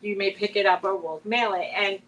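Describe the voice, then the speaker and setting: A woman's voice: mid-range voice, steady tone, fairly quick, fairly bright tone, poor audio. A woman co-hosting a live chat with a friend, telling rambling stories full of restarts and laughing often mid-sentence. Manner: rambling, chatty storytelling with many restarts. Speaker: co-host of a live chat show. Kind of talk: casual chat between friends.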